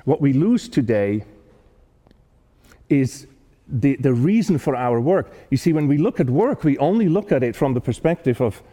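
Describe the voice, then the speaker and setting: A man's voice: medium pitch, moderate pace. Earnest man telling a story in a hall. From not American-born. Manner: earnest, animated storytelling with frequent restarts. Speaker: speaker giving a talk. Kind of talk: personal storytelling talk.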